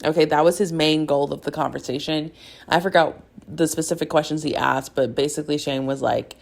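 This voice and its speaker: A woman's voice: low voice, steady tone, a little fast, gravelly. A young woman hosting a podcast, gushing in a rambling casual chat full of "like" and laughter as she recaps a TV episode. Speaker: podcast host.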